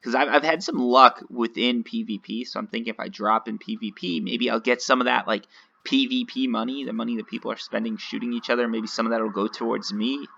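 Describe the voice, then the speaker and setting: Guy rambling through his game run, crackly gravelly voice, kinda bright, muffled lo-fi mic. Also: mid-range voice, steady tone, fairly quick. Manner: chatty, rambling, self-mocking. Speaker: gaming video host. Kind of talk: casual gameplay commentary.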